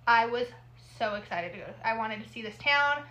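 A woman's voice: on the high side, animated, normal speed, sharp tone. A woman co-hosting a podcast, chatting casually in an upbeat, teasing way. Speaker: podcast co-host. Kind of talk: casual chat.

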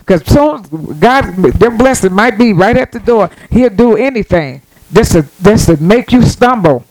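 A man's voice: very high-pitched, no echo, rough recording. A man preaching a sermon, exhorting his listeners with frequent amens and repetition, his voice sounding strained.

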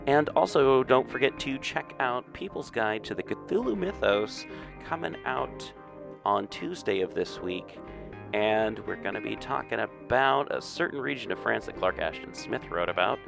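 A man's voice: lowish voice, animated, moderate pace, vocal fry, over music. A man hosting a podcast, rambling casually with asides. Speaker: podcast host.

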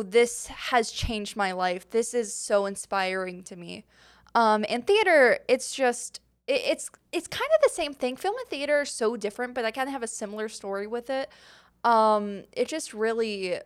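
Chatty young woman with a smooth voice. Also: a little high. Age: young adult. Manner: chatty, rambling, many fillers and giggles. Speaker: podcast host. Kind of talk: casual Q&A chat.

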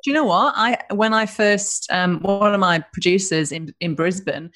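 A woman's voice: medium pitch, normal speed, a bit bright. A woman with a northern English accent, a business founder chatting informally as an interview guest. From northern England. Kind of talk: casual interview chat.

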